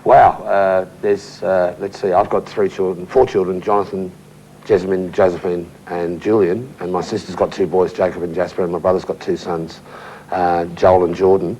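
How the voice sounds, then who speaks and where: A man's voice: low voice, level tone, moderate pace, mellow, a little hiss or hum, low-quality recording. An older man, a stage actor guesting on a talk show, jokey and self-deprecating.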